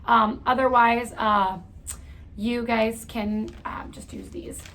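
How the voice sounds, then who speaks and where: A woman's voice: a little high, flat delivery, takes it slowly, a bit bright. A woman giving a casual lesson to children, chatty with lots of fillers and asides. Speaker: teacher. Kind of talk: casual classroom lesson for kids.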